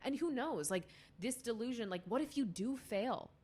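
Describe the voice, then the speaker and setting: A woman's voice: a little high, expressive, moderate pace, darkish tone, slightly rough. A young woman chatting casually as a podcast guest, rambling with lots of fillers and restarts. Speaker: podcast guest, music student. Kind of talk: casual chat.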